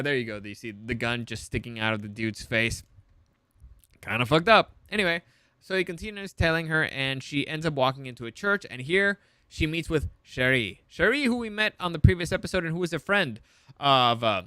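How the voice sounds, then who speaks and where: Man, bright tense voice, crisp and dry, rambling profane recap. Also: fairly high pitch, expressive, moderate pace, dry recording. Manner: rambling, profane, full of fillers and restarts. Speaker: TV show reviewer. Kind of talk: casual episode recap.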